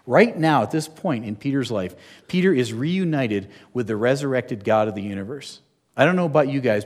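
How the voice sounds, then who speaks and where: A man's voice: medium pitch, a little mellow. A middle-aged man preaching a sermon, telling a story and putting rhetorical questions to his listeners.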